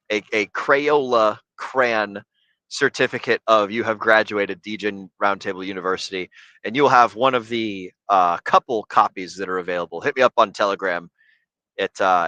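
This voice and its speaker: A man's voice: mid-range voice, bright, forceful tone, dry recording, poor audio. A man co-hosting a casual podcast, telling loose stories full of fillers and swearing. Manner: profane, loose storytelling with many fillers. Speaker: co-host.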